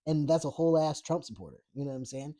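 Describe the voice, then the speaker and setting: A podcast host with a fairly high, dark-toned voice talks quickly through a blunt, profane political rant. He rambles with lots of fillers and restarts, laughing often while reading comments from the live chat.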